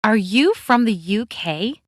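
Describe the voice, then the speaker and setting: A cheerful, carefree middle-aged woman, put on by a woman narrating an audiobook. She talks brightly and chattily, her mid-pitched voice recorded close and dry. The tone stays breezy and friendly. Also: expressive, slow pace, no room sound. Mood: bubbly.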